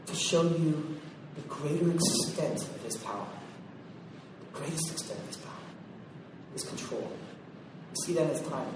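Guy preaching in a big echoey church, mic kinda far off, noisy room, punchy and repetitive. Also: high-pitched. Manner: emphatic, repeats phrases for weight, swings from loud to hushed. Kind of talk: sermon.

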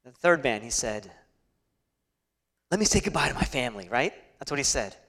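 A man preaching a sermon, swinging between hushed, whispered passages and loud, emphatic peaks. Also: medium pitch, very animated, normal speed.

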